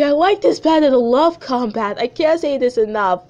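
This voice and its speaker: A woman's voice: high voice, lively intonation, normal speed, few pauses, a little mellow, muffled recording, slight background noise. A woman reading her old childhood story aloud and chatting about it, full of "like" and "you know", giggly and rambling. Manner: chatty, filler-heavy, giggly. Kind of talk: casual read-aloud with commentary.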